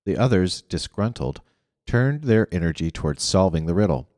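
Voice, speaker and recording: Deep-voiced man reading a novel aloud. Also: darkish tone, dry recording, studio quality, in a large hall. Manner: restarts and corrects himself mid-phrase. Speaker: reader.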